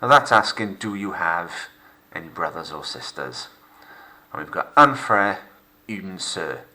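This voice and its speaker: Male teacher, deep bright voice, narrating a recorded French lesson with careful, slow pronunciation. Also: animated. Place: home recording for lockdown learning.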